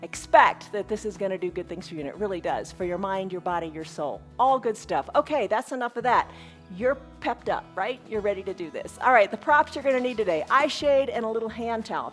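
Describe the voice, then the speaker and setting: A woman's voice: fairly high pitch, a bit bright. A woman teaching a live online yoga class, encouraging and upbeat, with laughs between her cues. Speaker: yoga instructor.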